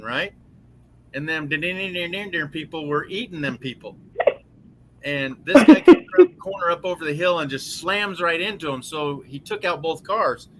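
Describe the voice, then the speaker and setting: A man hosting a casual chat, joking and quick to chime in. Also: a little high, fairly bright tone, a little hiss or hum.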